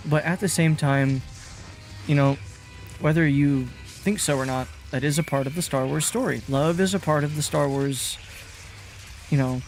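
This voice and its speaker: Male streamer, slightly high voice, rambling casual chat, swears a lot, faint music behind. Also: normal speed, pauses often. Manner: rambling, swears freely, self-mocking. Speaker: game streamer. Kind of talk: casual gaming commentary.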